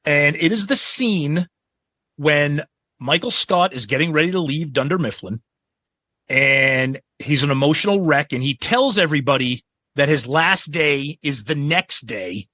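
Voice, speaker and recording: Brief: male co-host, bright edgy tone, eager, dry close mic. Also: on the high side, expressive, unhurried, no room sound. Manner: enthusiastic, frequent agreeing "yep". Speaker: podcast co-host. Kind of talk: casual chat.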